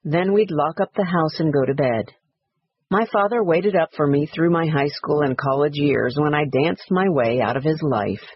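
A man reading a story aloud in a quiet, reflective, measured way, in a dry, slightly dull recording. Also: fairly high pitch, breathy edge, no echo. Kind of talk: read-aloud story narration.

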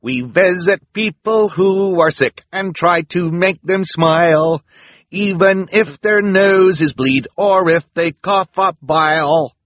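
A chirpy chorus of hospital volunteers belting out a cheery ditty, as a man sings it. The singing comes loud, slow and high, and the sound is dry and close, with no room around it. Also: dry recording. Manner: sing-song, loud and slow.

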